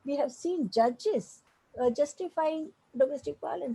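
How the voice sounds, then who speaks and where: A woman's voice: high voice, measured pace, creaky, dark tone, slight background noise, poor audio. An older woman with an Indian accent, a women's rights activist speaking earnestly and emphatically in a panel talk, often restarting her sentences, over a video call.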